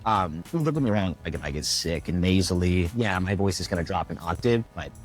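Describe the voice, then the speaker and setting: A man's voice: deep voice, expressive, fairly quick, faint music behind. A young adult man, a voice actor, chatting loosely in an interview and filling his talk with "like" and "you know". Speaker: voice actor guest. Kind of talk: casual interview chat.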